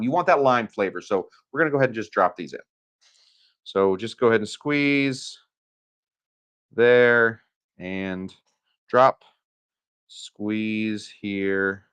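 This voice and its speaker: A man's voice: on the low side, a bit bright. A man from Arizona hosting a casual live cocktail demo from a hotel room, talking in a rambling, chatty way with many fillers. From Arizona, USA. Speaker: cocktail channel host.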